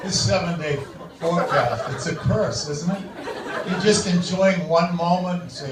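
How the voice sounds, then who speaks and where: A man's voice: on the high side, heavy background noise. A man doing a profane, sardonic stand-up routine in a comedy club. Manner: sardonic, profane, quick asides. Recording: echoey club, far mic, laughing crowd.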